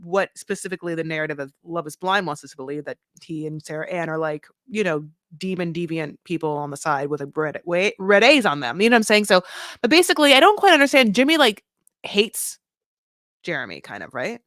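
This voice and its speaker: A woman co-hosting a podcast, recapping a reality show in a sassy, profane, animated way. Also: on the low side, a little fast, no room sound, studio quality. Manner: animated, profane, sassy storytelling with voiced quotes. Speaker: podcast co-host. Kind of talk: casual recap chat.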